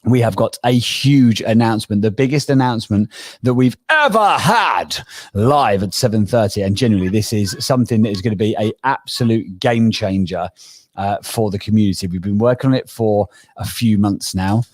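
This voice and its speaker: A man's voice: fairly low pitch, normal speed, no room sound. A man hosting a live online audio room, joking and self-deprecating in casual chat. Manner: jokey, rambling, self-deprecating. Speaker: host.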